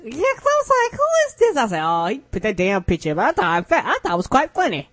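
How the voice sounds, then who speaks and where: A woman co-hosting a casual podcast chat, reacting quickly and laughing often. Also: fairly high pitch, huge pitch swings, a bit bright, no room sound. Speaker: podcast co-host.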